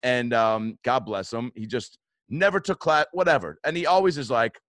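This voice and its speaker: A man's voice: medium pitch, moderate pace, a bit bright, no echo. A man telling a story in casual conversation, swearing freely and acting out quotes with bursts of energy.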